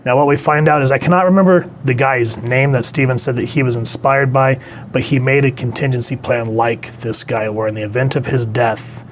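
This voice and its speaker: A man's voice: medium pitch, steady tone, fairly quick, slight background noise. A man reviewing comic books in a casual, rambling, conversational way. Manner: rambling, conversational, with many fillers.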